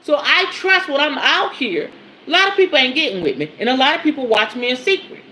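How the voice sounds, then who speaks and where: A woman's voice: a little fast, a little hiss or hum. A woman hosting a spiritual talk show, speaking in a casual, emphatic teaching style with frequent swearing and laughter. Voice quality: lively, animated pitch swings. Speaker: podcast host and spiritual teacher. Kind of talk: casual spoken teaching monologue.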